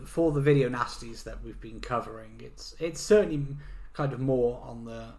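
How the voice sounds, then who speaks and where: A man's voice: mid-range voice, moderate pace, vocal fry, a little mellow, rough recording. A man co-hosting a podcast in a casual, jokey chat, swearing now and then. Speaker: podcast co-host.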